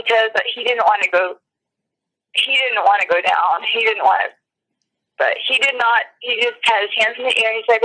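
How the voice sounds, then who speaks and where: A shaken woman on a phone interview, her voice near tears. She talks in a rather high, very bright tone and keeps restarting her sentences. Her speech sounds halting and breathless. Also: low-quality recording. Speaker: eyewitness.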